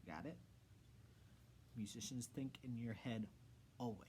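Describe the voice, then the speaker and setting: A man's voice: mid-range voice, measured pace, darkish tone, slight background noise. A man who is a music teacher, giving a rhythm lesson to children in an encouraging way and chanting rhythm syllables.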